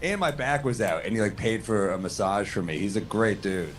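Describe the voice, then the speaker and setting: A stand-up comedian in podcast banter who talks in a laid-back, profane way and laughs easily. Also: male voice, fairly low pitch, lively intonation, fairly quick, heavy background noise.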